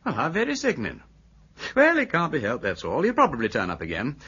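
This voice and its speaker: An actor playing a breezy, witty upper-class English gentleman detective, with a jaunty, teasing manner, in an old radio drama. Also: fairly high pitch, huge pitch swings, fast, husky, heavily acted. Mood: brisk. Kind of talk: 1930s-style radio drama acting. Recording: dull old radio recording.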